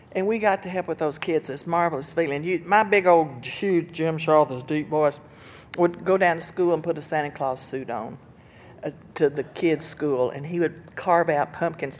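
Older woman telling her life story. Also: low-pitched. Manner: earnest storytelling, bursts of laughter and loud acted quotes. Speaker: speaker sharing recovery story. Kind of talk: personal testimony talk.

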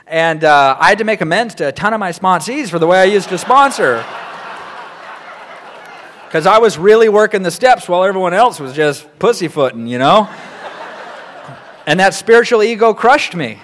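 Guy telling recovery stories, animated, acts out quotes, fairly high voice. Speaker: recovery sponsor sharing his story. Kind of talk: candid storytelling talk.

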